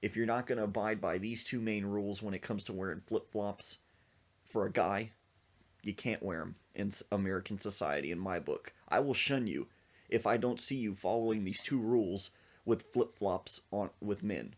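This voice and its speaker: A man hosting a podcast, telling a comic story in an animated way and acting out the voices in it. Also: fairly low pitch, normal speed. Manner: animated, acts out the voices he tells about. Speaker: podcast host.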